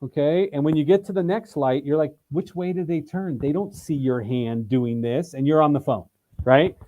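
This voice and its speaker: A man's voice: on the high side, moderate pace, lo-fi sound. A man, a sales trainer, explaining with energy and emphasis as an interview guest on a video call. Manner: energetic, emphatic, acts out examples in voices. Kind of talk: interview guest, animated teaching.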